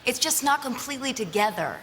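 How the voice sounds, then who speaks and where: A woman's voice: high-pitched, animated, fairly quick, a bit bright, long reverb tail, slight background noise. A woman judging a talent show on live TV, gushing and encouraging. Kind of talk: live TV critique. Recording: live TV studio with audience.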